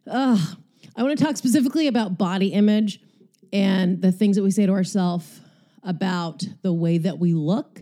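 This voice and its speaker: A woman's voice: fairly low pitch, warm tone. A woman hosting a candid, profane, rambling monologue while she exercises, out of breath.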